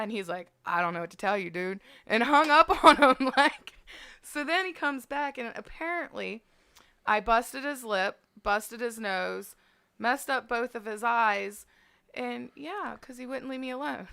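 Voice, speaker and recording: Brash, gravelly woman telling a fight story. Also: a little high, a little slow, bright, forceful tone. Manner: brash, profane storytelling with acted-out quotes. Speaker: guest storyteller. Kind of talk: casual chat.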